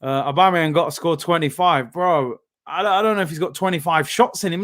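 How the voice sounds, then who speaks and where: High-voiced excitable man. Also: brisk, hardly any pauses, no echo, clean studio sound. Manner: excitable, slangy, bursts into shouts. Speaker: host of a football watchalong. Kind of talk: live reactive commentary.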